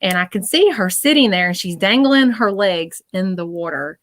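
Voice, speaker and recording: A woman giving a psychic reading on a live stream, chatty and repetitive, often pausing to listen. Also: mid-range voice, expressive, a bit bright, no echo. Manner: chatty, repeats herself, often pauses to listen.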